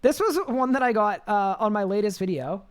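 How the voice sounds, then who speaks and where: A man with a high-pitched voice, chatting casually on a live game stream, reading chat aloud and rambling with restarts. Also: animated, a little fast, smooth.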